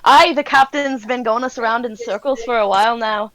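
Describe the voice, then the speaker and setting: A woman's voice: fairly high pitch, brisk, a bit bright, no room sound, pitched above the performer's own voice, natural voice, low-quality recording. A woman voicing a matter-of-fact female dwarf cook, trying to keep up a British-style accent.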